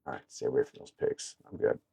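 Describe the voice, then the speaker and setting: A man giving casual gameplay commentary that turns into blunt, profane, animated stories, recorded on a clip-on mic at home. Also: fast talker, no room sound. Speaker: gaming streamer. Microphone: wireless clip-on mic.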